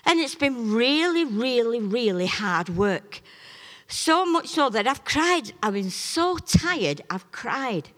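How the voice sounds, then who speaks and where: A middle-aged woman preaching a sermon and telling a personal testimony, swinging between loud, emphatic peaks and soft, chatty asides. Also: a little high, very animated, slow. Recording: long reverb of a large hall.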